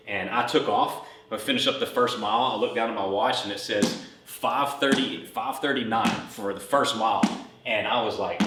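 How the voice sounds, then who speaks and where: A man's voice: medium pitch, normal speed, noisy background. A man in his forties hosting a fitness podcast, telling a rambling personal story while coaching a workout. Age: 40s. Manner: chatty, rambling, animated when retelling. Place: gym. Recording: roomy echo, mic at a distance.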